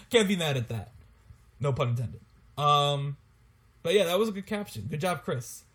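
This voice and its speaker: Man, podcast co-host, casual chat, jokey, laughs a lot, slightly high voice. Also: normal speed. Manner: laughs often, animated and joking.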